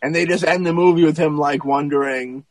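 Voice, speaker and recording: A man's voice: fairly high pitch, fairly even intonation, a little fast, no echo, rough recording. Rambling, profane man retelling a movie. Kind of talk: casual movie chat.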